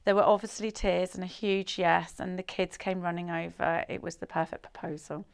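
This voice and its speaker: A woman's voice: fairly low pitch, fairly even intonation, normal speed, gravelly, clear, resonant tone. A woman co-hosting a talk show, telling stories in a casual chatty way and often breaking into laughter. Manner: giggly storyteller, laughs mid-story. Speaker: co-host. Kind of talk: casual chat.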